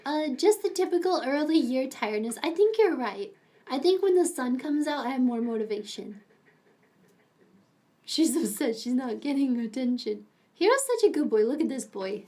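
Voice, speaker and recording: A woman's voice: very animated, normal speed, mellow. A young adult woman streaming, chatting casually with viewers in a rambling way and laughing often. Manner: switches to a high, cooing voice to talk to her pets.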